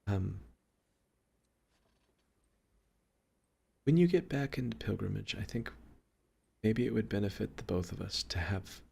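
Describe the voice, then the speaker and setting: A man voicing a sheepish young woman who speaks softly and hesitantly. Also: on the low side, lively intonation, moderate pace, creaky, breathy edge, exaggerated voice.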